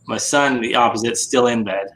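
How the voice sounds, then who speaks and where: A man's voice: mid-range voice, normal speed, fairly bright tone, a little hiss or hum, poor audio. A man in casual chat on a video call, telling stories about his kids in a chatty way. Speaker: podcast guest.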